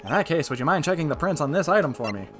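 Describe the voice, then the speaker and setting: A man's voice: on the high side, sing-song, rapid-fire, music in the background. A man voicing a nervous young male defense lawyer who mutters anxious, wry asides. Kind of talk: fan voice-over of a game.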